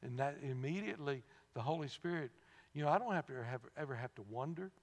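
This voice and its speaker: Male preacher, slightly high voice, folksy and conversational, long church reverb. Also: animated, fast. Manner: conversational, asks the congregation questions, laughs at his own stories. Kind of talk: sermon.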